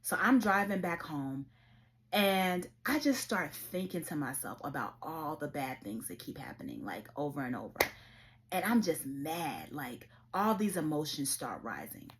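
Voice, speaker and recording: A woman's voice: low voice, sing-song, unhurried. A woman hosting her own show, telling a personal story in an earnest, emotional way. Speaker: show host. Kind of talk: personal testimony vlog.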